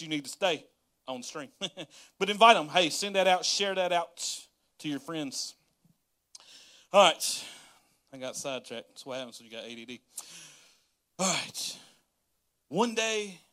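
Pastor in his thirties, bright and animated, chatty livestream sermon. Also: on the high side. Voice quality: folksy, laughing, storytelling, animated.

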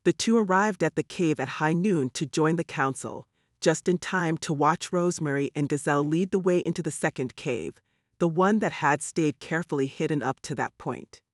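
A man reading a novel aloud in steady, wry storytelling narration. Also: a little high, moderate pace, dry recording, clean studio sound. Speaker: audiobook narrator. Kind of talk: scripted narration.

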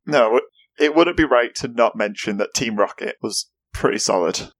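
A woman's voice: a bass voice, expressive, normal speed. A woman co-hosting a podcast in casual chat, with a wry, dramatic way of talking. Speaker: podcast co-host.

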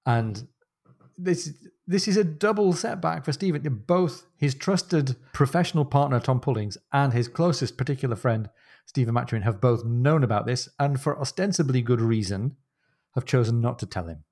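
A man's voice: mid-range voice, expressive, moderate pace, darkish tone. A man co-hosting a podcast who talks through a novel with wry, thoughtful comments. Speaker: podcast co-host. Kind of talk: casual book discussion.

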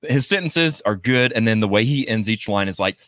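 A man co-hosting a casual chat about song covers, animated and jokey. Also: fairly quick, no room sound. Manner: animated, jokey, jumps up high when mimicking. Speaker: co-host.

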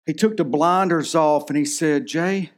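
A man's voice: a little high, moderate pace. A man in his thirties preaching a sermon in a church, telling a personal story in an earnest, emotional way. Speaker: pastor.

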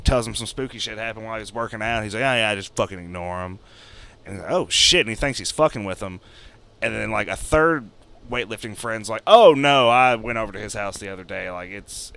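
A young man on a podcast rambles through a story, swearing freely and jumping up in pitch to act out the people in it. His voice is bright and forward. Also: vocal fry. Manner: rambling, swearing, acts out characters with jumps in pitch. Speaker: podcast co-host. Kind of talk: casual chat, retelling a story.

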